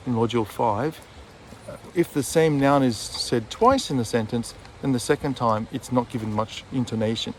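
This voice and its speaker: A man's voice: mid-range voice, a little mellow, slight background noise. A man, an English teacher, giving a casual, chatty video lesson outdoors by a river while walking his dog, with fillers and self-corrections. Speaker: English teacher and textbook author.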